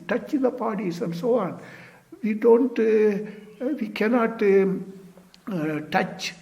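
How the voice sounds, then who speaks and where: A man giving an unhurried dharma talk as a Zen teacher, padding with "you see" and "sort of", repeating phrases, and trailing to a near-whisper at phrase ends. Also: high voice, animated, vocal fry, warm tone.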